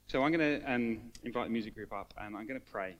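A man preaching a sermon to a congregation, earnest and emotional, building to fervent emphasis and then falling quiet. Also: fairly low pitch, quick pace, muffled recording. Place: church hall with congregation.

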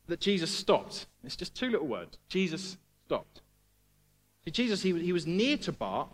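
Man, missionary preacher, higher-pitched, earnest, repeats words, tag questions, long reverb of a large hall. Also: a bit bright. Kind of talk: conversational sermon.

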